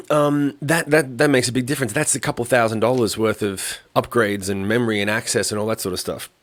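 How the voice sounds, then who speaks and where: A man's voice: mid-range voice, fairly quick, dry recording. A man hosting a podcast, chatting casually and telling rambling, profane stories. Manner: rambling, profane, animated storytelling. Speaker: podcast host. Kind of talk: casual chat.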